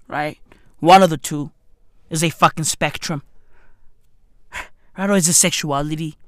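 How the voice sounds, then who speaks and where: A man in a rambling, profane rant who keeps asking "right?" and swings between loud outbursts and low mutters. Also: dry recording, studio quality.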